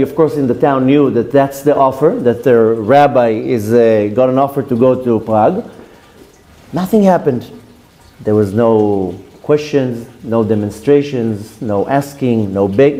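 A rabbi tells a story in a sermon, slipping into the voices of the people in it. His voice sits a little high for a man. The tone is mellow and soft. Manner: acts out quoted dialogue with shifting pitch. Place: women's institute classroom.

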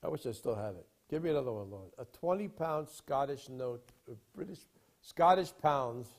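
A man preaching in a rambling storytelling style, emphatic, with sudden swings from loud to quiet. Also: mid-range voice, expressive, normal speed. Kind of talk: sermon storytelling.

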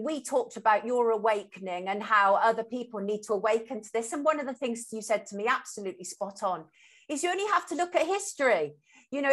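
A woman's voice: fairly high pitch, a bit bright. Sympathetic woman hosting a live stream. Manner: sympathetic, reads viewer comments aloud. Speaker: host.

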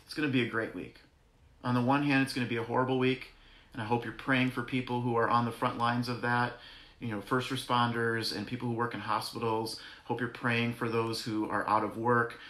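Speaking fairly quickly in a level, medium-pitched voice with a sharp tone, a pastor delivers an earnest devotional sermon in a conversational style. He leans on repeated phrases for emphasis and corrects himself, all in an echoey room.

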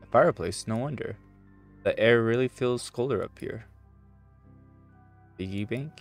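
A man's voice: mid-range voice, unhurried, soft background music. A man with a Swedish accent giving let's play commentary, muttering to himself as he explores. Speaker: gamer.

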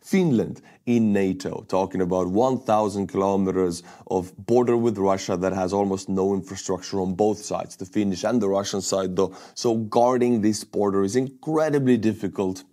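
A man's voice: low voice, normal speed, hardly any pauses, dark tone. A young man from Estonia giving a casual, upbeat video commentary with enthusiasm. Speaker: war news vlogger.

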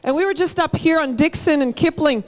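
Church leader, woman, high voice, energetic storyteller. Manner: lively storytelling, quick and energetic. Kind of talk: church announcements and testimony. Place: large church auditorium.

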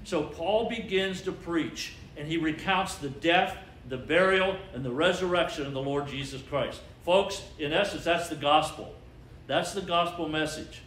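High-voiced preaching man in echoey church. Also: unhurried, a bit bright, a little hiss or hum. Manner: emphatic preaching with call-and-response questions. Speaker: pastor. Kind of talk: sermon. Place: church sanctuary. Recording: echoey church with faint ambience.

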